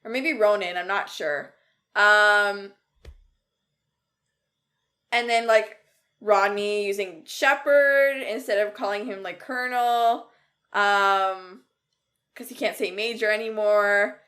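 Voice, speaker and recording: A woman's voice: mid-range voice, fairly even intonation, takes it slowly, long pauses, a bit bright. A woman co-hosting a podcast, enthusiastic and reflective, laughing often in casual fan chat. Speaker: podcast co-host.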